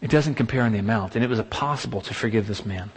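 A man's voice: on the low side, fast, husky. A man preaching a sermon, emphatic, piling up repeated rhetorical exclamations. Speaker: pastor. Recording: long hall reverb.

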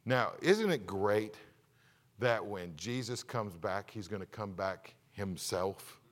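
A man's voice: on the low side, expressive, slow. Emphatic preaching pastor, man. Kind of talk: sermon.

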